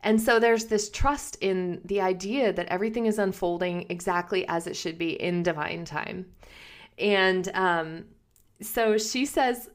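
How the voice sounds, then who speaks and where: A woman in her thirties with a slightly low voice chats straight to her viewers about her own life. She laughs easily and slips into little impressions of the people in her stories. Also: a little slow. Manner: chatty, laughs often, acts out quotes. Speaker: vlogger. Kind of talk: casual personal storytelling.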